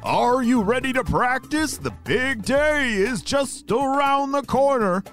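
A man voicing a male wrestling coach in a kids' story, calling out loudly and encouragingly. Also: very high voice, expressive, takes it slowly, faint music behind, voice pushed up, exaggerated voice. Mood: cheerful calling.

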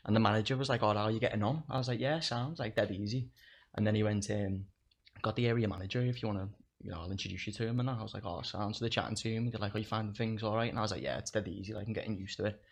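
A man's voice: fairly low pitch, fairly even intonation, very fast. A young man, a comedian guest on a podcast, telling stories in casual chat, swearing freely and laughing as he goes. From England. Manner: laughs through his stories, swears a lot.

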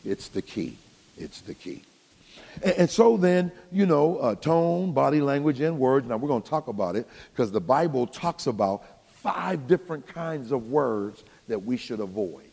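A man's voice: mid-range voice, moderate pace, vocal fry, slightly rough, in a large hall. An older man, a pastor telling folksy stories to his congregation in a sermon. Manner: folksy, animated, talks straight to the congregation. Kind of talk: storytelling sermon.

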